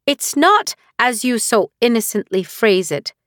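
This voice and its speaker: A woman's voice: a little high, very animated, measured pace, a bit bright, no echo, studio quality. Icy aristocratic mother, read by a woman. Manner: cold, clipped and dismissive. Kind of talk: audiobook character reading.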